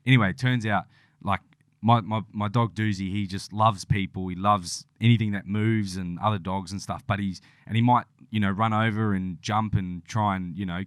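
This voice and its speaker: A man's voice: fairly low pitch, smooth, no room sound, studio quality. A young man co-hosting a podcast, telling a long story in casual chat, swearing freely and acting out what people said. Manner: rambling storyteller, swears freely, acts out quotes. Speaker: podcast co-host.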